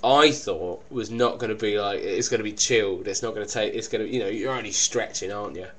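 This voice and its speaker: A man's voice: lowish voice, brisk, fairly bright tone. A man co-hosting a podcast, chatting casually in a rambling, crude, jokey way. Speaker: podcast co-host. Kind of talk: casual chat.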